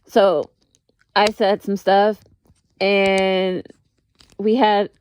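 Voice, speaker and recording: A woman's voice: medium pitch, flat delivery, extremely slow, a little mellow, clear, resonant tone, dry recording. A woman talking in a casual, rambling vlog monologue, full of "like" and restarts as she tells dating stories. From United States. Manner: rambling, heavy use of "like", frequent restarts. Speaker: vlogger.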